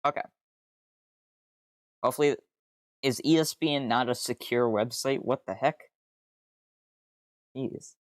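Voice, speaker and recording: A man's voice: medium pitch, measured pace, pauses often, dry recording, studio quality. A young man streaming casually, rambling and easily sidetracked, swearing freely with exasperated outbursts. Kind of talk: casual live-stream commentary.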